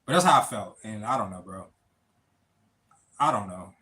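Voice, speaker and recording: Halting man near tears on a livestream. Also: on the low side, lively intonation, pushed and bright. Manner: halting, repeats words, addresses viewers as y'all and bro. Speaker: livestream host. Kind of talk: emotional personal talk on a livestream.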